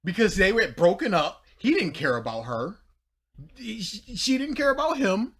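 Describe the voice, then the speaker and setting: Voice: medium pitch, sing-song, moderate pace, a bit bright, slightly rough. A co-host giving comedic, sarcastic commentary on clips and laughing often.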